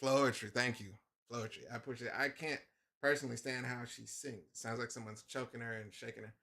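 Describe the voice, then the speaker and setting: A middle-aged man hosts a live stream while drawing a comic, chatting casually and telling stories in which he acts out his own outbursts. His gravelly, medium-pitched voice moves a little fast.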